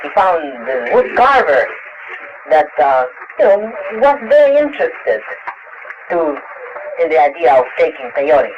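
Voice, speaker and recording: A man telling stories at a lecture Q&A, halting with many restarts and fillers, laughing often. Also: a little high, sing-song. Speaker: interviewed author. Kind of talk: lecture Q&A, casual storytelling. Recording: dull lo-fi 1960s tape with hiss.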